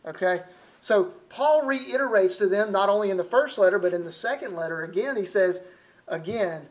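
A man with a Southern accent, from Alabama, preaches in a loose, folksy sermon voice. His voice sits fairly high for a man. He talks like a visiting preacher chatting with the congregation, often stopping to rephrase himself. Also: normal speed. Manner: folksy, conversational preaching with frequent restarts.

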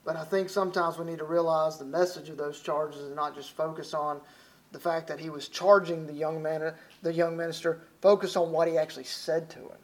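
High-voiced Southern preacher from Alabama. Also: male voice, flat delivery, a little fast. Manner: folksy, conversational preaching with frequent restarts. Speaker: visiting preacher. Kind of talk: sermon.

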